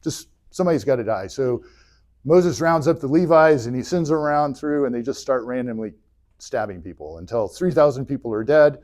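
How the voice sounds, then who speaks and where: A man's voice: mid-range voice, normal speed, darkish tone. Man retelling scripture with wry humor. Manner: jokey retelling, voices biblical figures in bursts. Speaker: adult education class teacher. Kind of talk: casual Bible history lecture. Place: church classroom.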